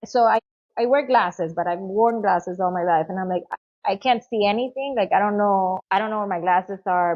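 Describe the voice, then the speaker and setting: A middle-aged woman guest telling a personal story in a casual interview, animated, acting out what others said. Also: mid-range voice, dull audio. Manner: animated, acts out quoted voices, many "you know"s.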